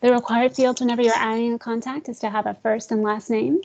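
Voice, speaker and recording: A woman leading a screen-share software tutorial for real estate agents, talking casually, calling her listeners "guys" and joking about slow screens. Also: a little high, flat delivery, vocal fry, muffled recording, slight background noise. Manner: chatty, addresses audience as guys, jokes about glitches.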